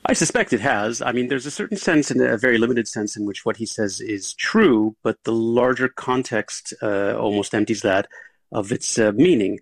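A man's voice: mid-range voice, gravelly, no echo. A man speaking as a political analyst in a news interview, thoughtful and hesitant. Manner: thoughtful, hesitant with fillers and restarts.

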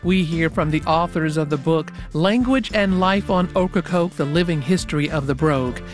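A woman hosting a radio show with a measured, clear, scripted delivery. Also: low voice, soft background music.

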